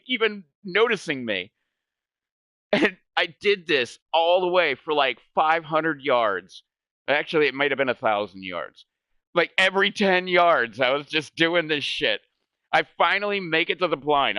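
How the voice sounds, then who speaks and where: Bright, clear-voiced man telling a rambling story. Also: a little high, lively intonation, a little slow, no room sound. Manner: rambling, profane, fills speech with "like". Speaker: gaming channel host. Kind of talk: casual storytelling chat.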